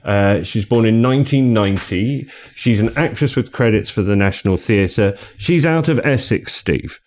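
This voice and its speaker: A man's voice: fairly low pitch, normal speed, a little mellow. A middle-aged man hosting a casual book podcast, chatty and steering the talk with questions. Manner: chatty, leads the discussion with questions. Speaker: podcast co-host.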